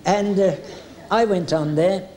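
An older man reminisces about his days on the stage, chatty and full of little jokes. His voice sits somewhat high for a man. Now and then he stops on an "uh" and picks his story back up. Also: takes it slowly, a little mellow. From England. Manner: chatty and jokey, with hesitant fillers. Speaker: retired music hall entertainer reminiscing. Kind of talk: anecdotal storytelling.

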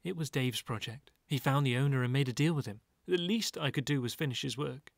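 A proud, soft-hearted gallery owner, read by a man narrating a storybook. His voice sits at a middle pitch and sounds friendly and earnest. The recording is dry, with no room sound. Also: fairly quick, creaky, no room sound. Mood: proud, warm.

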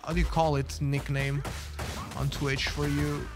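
A British man streaming a game live, chatting with viewers and reacting loudly to the action. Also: on the high side, unhurried. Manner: chatty, excitable, greets chat and reacts loudly. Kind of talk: live gameplay commentary. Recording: game music behind voice.

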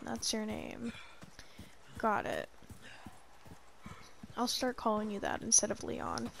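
Slow-talking chatty woman gamer, swearing. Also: on the high side, gravelly, slight background noise. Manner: chatty, profane, teasing, laughs often. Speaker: gameplay streamer. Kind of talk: casual gameplay commentary.

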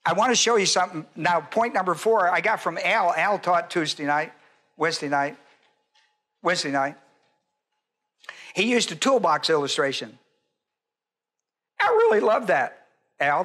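A man's voice: sits high, moderate pace, sharp tone. An older man, a pastor, teaching a Bible sermon in an emphatic, repetitive way and putting questions to his congregation.

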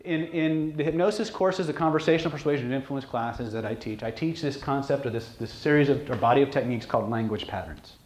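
A man's voice: mid-range voice, quick pace, few pauses, darkish tone. Man, seminar lecture, blunt and joking, roomy echo, faint hiss. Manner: blunt, joking, asks okay often. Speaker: hypnosis teacher. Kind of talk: casual seminar lecture to a live group. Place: seminar room with audience. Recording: echoey room, faint noise.

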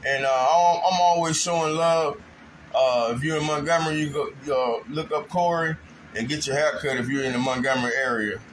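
A man's voice: on the high side, fairly even intonation, brisk, slight background noise, rough recording. A man telling a rambling, aggrieved story in casual monologue at home, breaking into raised outbursts. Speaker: vlogger. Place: home kitchen.

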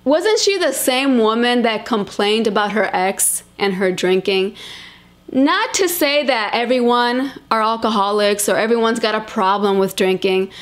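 A woman in her late thirties with a slightly high voice, commenting on clips in a blunt, chatty way. She talks straight to her viewers, casual and unfiltered. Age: 30s. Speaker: reaction commentator.

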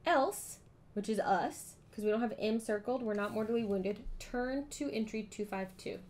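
Woman, slightly high voice, playful, reads game text aloud, live stream chat. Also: moderate pace, darkish tone, a little hiss or hum. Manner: playful, giggly, breaks into song. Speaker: streamer running a solo-style game. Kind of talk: reading a gamebook aloud with casual chat. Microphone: streaming microphone.

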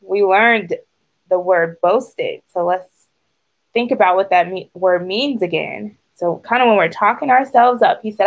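A woman's voice: mid-range voice, unhurried. A woman reading a picture book aloud to children, stopping to ask them questions like a teacher. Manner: gentle teacher-like asides to young listeners. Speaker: speech clinic storyteller. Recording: dull lo-fi recording.

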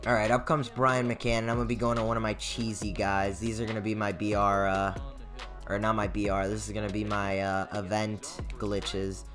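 Young male gaming creator, lowish voice, casual play-by-play that jumps from mumbling to excited shouts, faint music bed. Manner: excitable, swings from mumbled asides to loud outbursts. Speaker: gaming YouTuber. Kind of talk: casual gameplay commentary.

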